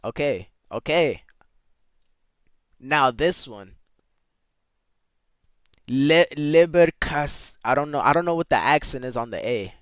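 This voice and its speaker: A man's voice: mid-range voice, expressive, moderate pace, long pauses, fairly bright tone, no room sound. A man streaming live, chatting casually with his viewers and playfully sounding out foreign words. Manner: talks to chat with slangy asides.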